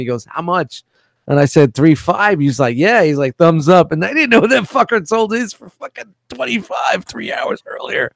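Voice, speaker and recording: A man's voice: fairly high pitch, creaky, dry recording. A man co-hosting a casual podcast, telling a rowdy story with lots of swearing. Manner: rowdy, laughing, swears a lot. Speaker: podcast co-host, toy vendor.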